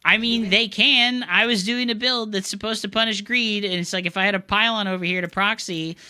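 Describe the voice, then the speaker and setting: A young male streamer with a strikingly bright, forceful voice pitched a little high. He rants through his games, swearing freely and talking in loose gamer slang. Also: fairly even intonation, a little fast, smooth. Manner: frustrated ranting, heavy swearing. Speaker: game streamer. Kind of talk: live gameplay commentary.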